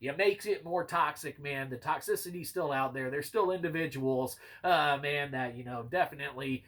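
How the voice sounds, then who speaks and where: A man talks through a video game review in a loose, rambling way, leaning on filler words and tossing in curses and dry sarcasm. His voice sits a little higher than most men's. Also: normal speed, few pauses, fairly bright tone. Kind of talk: casual rambling commentary.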